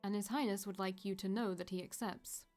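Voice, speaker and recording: A calm, soft-spoken young manservant, read aloud by a woman from a fantasy visual novel. The delivery stays steady and even, with pitch in a middle range. Faint game music runs underneath. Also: brisk, close to an everyday voice. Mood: formal.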